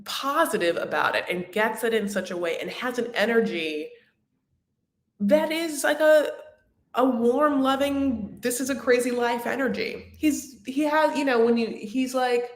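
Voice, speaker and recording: A woman's voice: fairly high pitch, unhurried, echoey room. A woman hosting a reality TV recap livestream, talking casually in a rambling, chatty way full of fillers and restarts. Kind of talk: casual chat.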